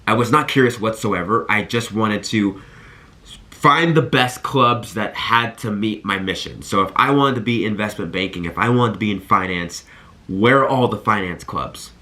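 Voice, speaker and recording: A man's voice: on the low side, moderate pace. Earnest young man giving college advice. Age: 20s. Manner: earnest, animated storytelling, speaks straight to viewers. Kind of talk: energetic talk to camera.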